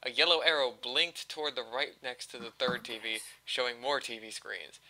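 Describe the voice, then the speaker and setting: A man reads a story aloud to friends in an animated voice, breaking off now and then for jokes. His tone is very bright and sharp. The sound is close and dry, from a desktop mic on a voice call. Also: mid-range voice, no echo, low-quality recording. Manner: animated, quick reading with asides. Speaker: story reader.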